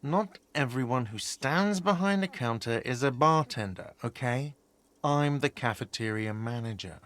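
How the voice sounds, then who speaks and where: A man's voice: mid-range voice, lively intonation, unhurried, fairly bright tone, no room sound. An actor playing a prickly middle-aged male cafeteria manager in a video game, irritable and defensive. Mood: snippy.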